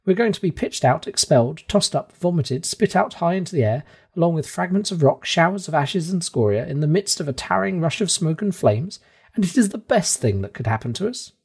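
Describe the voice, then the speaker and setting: A man voicing a frantic, terrified young nephew, talking in a high, shrill, pleading way in a storybook reading. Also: big pitch swings, quick pace, few pauses, slightly rough, exaggerated voice. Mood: alarmed.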